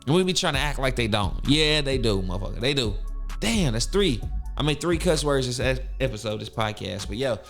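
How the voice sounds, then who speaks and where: A man's voice: mid-range voice, animated, fairly quick, fairly bright tone, soft background music. A man hosting a podcast, giving a hyped-up, preachy motivational talk full of cussing. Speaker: podcast host.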